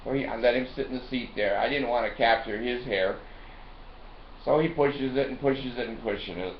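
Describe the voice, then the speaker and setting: Man, mid-pitched, rambling profane storyteller, roomy dull lo-fi recording with faint hiss. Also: normal speed. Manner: profane, digressive, laughs between lines.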